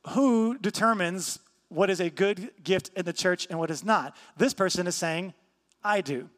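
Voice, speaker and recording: A man's voice: sits high, normal speed, fairly bright tone, long reverb tail. A man preaching a sermon as pastor, teaching emphatically, repeating key points and asking rhetorical questions.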